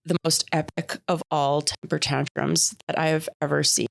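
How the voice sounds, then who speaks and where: A woman, telling a travel story on a podcast with animated energy and frequent laughter. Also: low-pitched, moderate pace, gravelly, dry recording. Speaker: podcast co-host. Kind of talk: casual chat.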